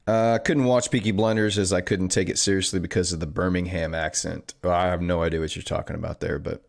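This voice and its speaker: A man's voice: low voice, fairly even intonation, brisk, gravelly. A man hosting a trading live stream, chatting casually and reading viewer comments in a rambling, offhand way. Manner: rambling, offhand, self-correcting.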